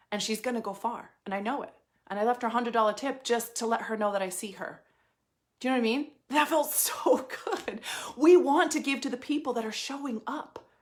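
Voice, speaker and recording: Emphatic woman coach, swearing freely. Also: fairly high pitch. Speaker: life and money coach. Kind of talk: casual motivational monologue.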